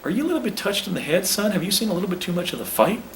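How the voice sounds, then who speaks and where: A man putting on a high drawling army officer. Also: very animated, racing. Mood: mocking. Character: gruff Union army officer, grown man, suspicious. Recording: distant, echoey, faint background noise.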